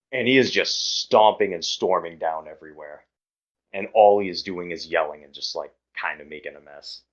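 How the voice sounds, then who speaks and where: A man narrating a tabletop game as game master, describing scenes in a relaxed, halting way. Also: low-pitched. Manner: relaxed, hesitant narration with fillers. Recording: muffled lo-fi audio.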